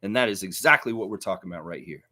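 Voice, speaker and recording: A man hosting a sports fan livestream, ranting in a heated, animated way. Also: low-pitched, very fast, no room sound, studio quality. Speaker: sports fan show host. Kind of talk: casual livestream rant.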